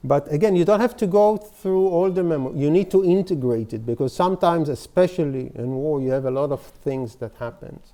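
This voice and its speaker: Man with a mellow, slightly raised voice, lecturing. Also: fairly high pitch. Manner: informal, halting phrasing with frequent "you know" and restarts. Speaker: psychotherapy lecturer. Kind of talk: workshop lecture with case stories.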